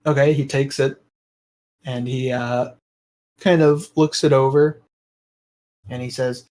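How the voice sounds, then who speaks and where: A man's voice: mid-range voice, steady tone, slow, pauses often, darkish tone, rough recording. A man narrating as game master of a tabletop game, describing scenes in a loose, rambling way and laughing often.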